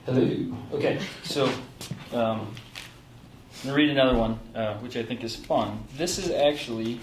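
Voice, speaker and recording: A man's voice: mid-range voice, normal speed, background noise. Chatty man with many ums, echoey room. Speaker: reader at a live event. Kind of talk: casual spoken introduction. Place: small theatre stage with audience. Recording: roomy live room, mic at a distance.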